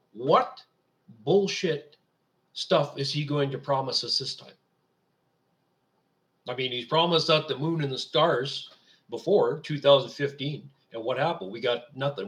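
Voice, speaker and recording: A man hosting his own show, from Canada, giving an indignant, sarcastic political rant. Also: medium pitch. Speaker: radio show host. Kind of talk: political commentary monologue.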